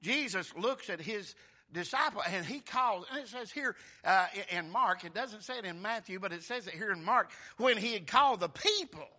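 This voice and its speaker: A male preacher giving a folksy, animated sermon and acting out the scripture characters. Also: high voice, moderate pace.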